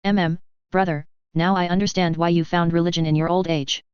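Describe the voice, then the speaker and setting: A woman's voice: lowish voice, fairly even intonation, a little fast, clear, resonant tone, no echo, dull audio, lightly acted. A woman voicing a smug, mocking young nobleman in a fan fiction reading, her tone smirking and taunting.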